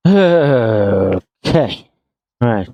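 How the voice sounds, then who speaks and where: Male streamer, very slow and gravelly, thinking aloud over gameplay, dry close sound. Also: mid-range voice, big pitch swings, no room sound, muffled recording. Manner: slow, muttering to himself while working. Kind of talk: casual gameplay commentary.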